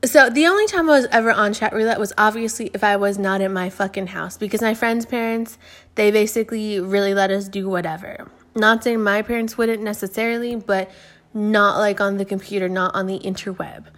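A woman's voice: mid-range voice, fairly quick. A woman in her twenties hosting a podcast, telling stories in a rambling, profane way, full of fillers and restarts. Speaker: podcast host. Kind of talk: casual storytelling.

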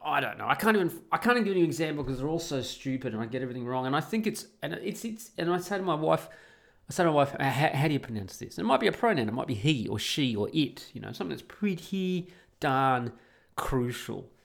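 Man from Australia, casual on-camera monologue; gravelly texture, rambling and profane, keeps restarting sentences. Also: a little high, expressive, fast, a bit bright. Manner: rambling, profane, exasperated storytelling; many restarts and repeated phrases.

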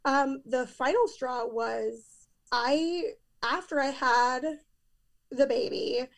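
A woman's voice: high voice, takes it slowly. A woman in her thirties, a podcast guest, telling a painful personal story in a candid, emphatic way.

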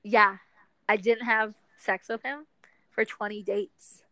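A young woman co-hosting a casual chat, animated and chatty, swearing freely while she does chores. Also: mid-range voice, slow pace, dry recording, rough recording. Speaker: podcast co-host.

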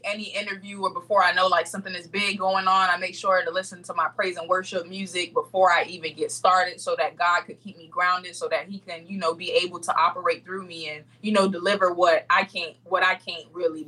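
A young adult woman speaking as an interview guest, expressive and heartfelt, laughing often in casual chat. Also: lowish voice, breathy edge, poor audio.

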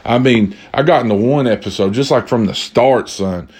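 A man's voice: mid-range voice, normal speed, darkish tone, slightly rough. A young man hosting a casual solo podcast, rambling in loose slang with a drink at hand. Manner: drinking while talking. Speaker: podcast host.

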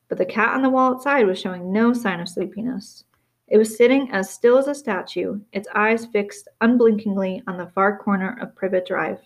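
A woman reading a novel aloud in steady storytelling, with small slips and restarts. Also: medium pitch. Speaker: reader.

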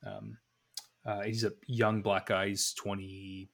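A podcast co-host in his thirties rambles through a long anecdote in casual podcast chat, restarting often and animating the quoted dialogue. His voice is on the low side and creaky, and he takes it slowly.

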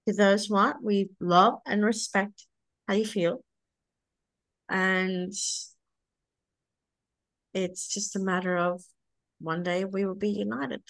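A woman's voice: medium pitch, fairly even intonation, slow, long pauses, a bit bright, dry recording. A woman with an Australian accent hosting a casual group chat and signing off the show. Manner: wraps up with a sign-off. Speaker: podcast host.

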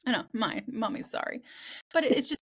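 A woman in her thirties hosting a podcast, telling a story in a blunt, profane, animated way. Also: on the high side, brisk, slightly rough. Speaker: podcast host and spiritual practitioner. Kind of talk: casual storytelling chat.

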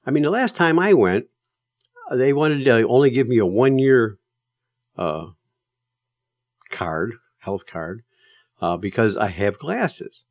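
A man's voice: medium pitch, expressive, takes it slowly, pauses often, no room sound, lo-fi sound. A man giving casual, emphatic advice to drivers, telling stories in a plain-spoken way with plenty of fillers.

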